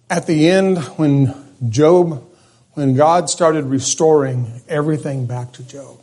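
Husky-voiced man preaching conversationally. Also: medium pitch. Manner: conversational storytelling preacher, self-correcting, animated. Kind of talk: sermon.

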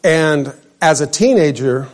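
A man's voice: fairly high pitch, lively intonation, slow pace. Older male preacher, conversational sermon. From Central California. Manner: conversational preaching, addresses listeners by name.

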